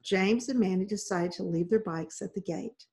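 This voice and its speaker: A woman reading a children's novel aloud in a steady, measured way. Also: mid-range voice. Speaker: reader.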